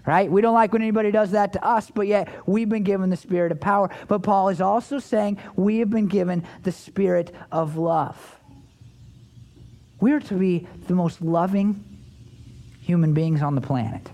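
A man preaching a sermon in an earnest, repetitive way, often restarting phrases and swinging his pitch up and down for emphasis. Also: fairly even intonation, normal speed, a little mellow. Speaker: pastor.

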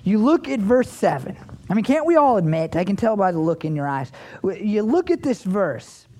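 A man preaching a sermon in an earnest, repetitive way, often restarting phrases and swinging his pitch up and down for emphasis. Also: big pitch swings, moderate pace, darkish tone. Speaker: pastor.

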